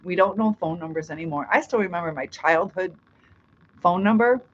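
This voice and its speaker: A woman's voice: lowish voice, a little fast, highs cut off, slight background noise. A middle-aged woman hosting a casual live stream, reading out chat comments, chatty with frequent laughs and fillers.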